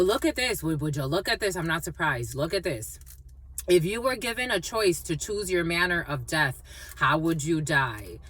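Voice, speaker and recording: A woman with a somewhat low, husky voice talks through a spiritual tarot reading. Her pitch swoops high and drops low from phrase to phrase. She keeps circling back to the same phrases and calls her listeners by pet names. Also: a bit bright, low-quality recording. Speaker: tarot reader.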